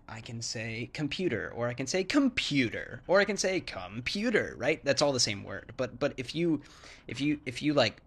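Give me a chatty man with a bright, forceful voice who rambles with many fillers. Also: medium pitch. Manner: acts out word sounds to demonstrate. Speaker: English-speaking foreigner explaining Thai sounds. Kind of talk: casual chat.

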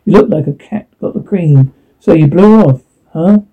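A man's voice: fairly high pitch, normal speed, husky. A man reading the lines of a young male rival who mocks the narrator, over a phone-like line. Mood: mocking. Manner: mocking.

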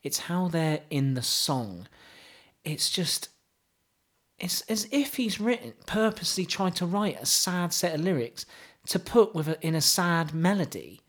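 A man's voice: a little high, very animated, a little slow. A man co-hosting a casual chat podcast, mocking and laughing often as he picks apart songs. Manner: mocking, laughs often, reads lyrics aloud with scorn. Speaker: podcast co-host.

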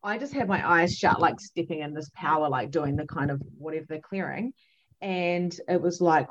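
A woman, a psychic medium and podcast guest, telling a story in an animated, emphatic way with many fillers. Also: on the low side, quick pace, muffled recording. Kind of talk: casual storytelling chat.

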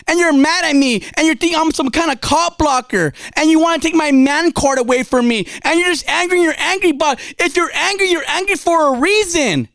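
A man preaches in a casual, dramatic storytelling style. His voice rises and falls widely, dropping low for confession and climbing high to urge. It is recorded close and dry, with no room echo. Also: animated, moderate pace. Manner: dramatic storytelling, confessional, swings from quiet to fiery. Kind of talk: impassioned spoken sermon.

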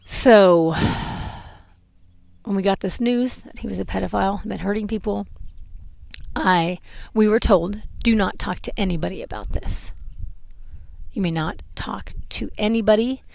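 A woman hosting a podcast, telling a painful personal story in a halting, emotional way with many fillers. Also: medium pitch, creaky, a little mellow, no room sound. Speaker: podcast host telling her life story.

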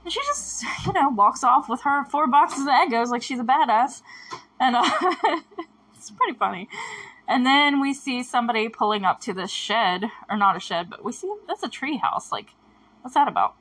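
A woman's voice: high voice, animated, moderate pace, fairly bright tone. A woman giving a casual, emotional reaction commentary, rambling with sighs and stammered restarts. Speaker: show reviewer.

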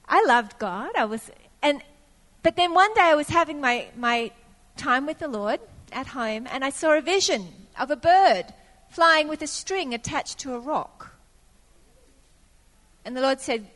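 High-voiced woman preaching in a reverberant hall. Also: animated, moderate pace, fairly bright tone. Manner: storytelling with acted-out quotes of her younger self. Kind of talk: sermon.

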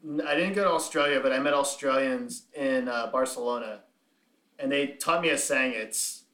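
A man's voice: medium pitch, normal speed, pushed and bright, reverberant. A man hosting a casual chat, rambling and laughing often.

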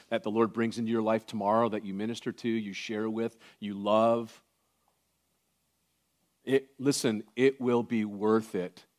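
A man preaching a sermon to his congregation. He moves between hushed, intimate passages and loud, emphatic ones, with conversational joking asides. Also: fairly low pitch. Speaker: pastor.

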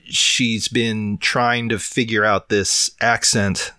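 Rambling feverish man, bright dry voice. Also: lowish voice, level tone, slow pace, smooth, no echo. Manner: rambling, filler-heavy, swears casually. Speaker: podcast co-host. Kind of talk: casual chat.

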